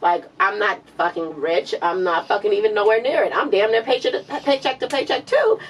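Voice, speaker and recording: Woman going off on a podcast, cussing, pitch jumps way up when she's mad, sounds kinda far from the mic. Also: a little fast. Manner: animated, swearing, rising to high exasperated pitch. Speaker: podcast co-host. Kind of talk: heated casual debate chat.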